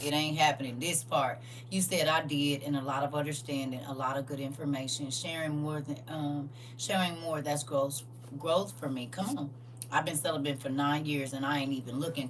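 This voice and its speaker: Bright-voiced woman livestream host, lively. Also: low-pitched, far from the mic, a little hiss or hum. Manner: lively, preachy, laughs often, answers viewers directly. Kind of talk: casual livestream chat reading viewer comments.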